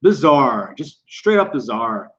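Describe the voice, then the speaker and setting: A man's voice: mid-range voice, big pitch swings, slow pace. A man reacting to a clip in casual commentary, with incredulous, mocking asides. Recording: dull lo-fi audio.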